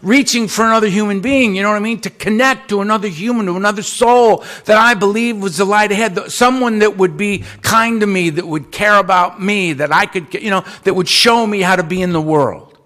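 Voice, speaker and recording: A man with a high, bright, ringing voice tells a funny, self-mocking story of his own recovery. He speaks at a conference podium, animated and quick with a punchline. He has a crisp, lively edge in his delivery. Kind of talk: humorous personal testimony.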